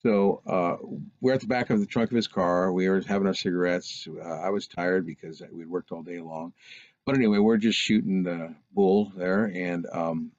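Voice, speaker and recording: A man's voice: deep voice, fairly even intonation, moderate pace, a little mellow, no echo. A man telling a personal anecdote in a casual, rambling, meandering way. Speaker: storyteller recounting a personal experience. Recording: dull lo-fi recording.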